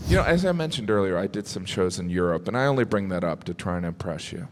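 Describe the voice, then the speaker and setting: A man doing a stand-up comedy routine on a theater stage, deadpan, with mocking asides. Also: fairly low pitch, quick pace, few pauses. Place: large theater stage before a live audience. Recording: live hall reverb with audience noise. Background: audience laughter.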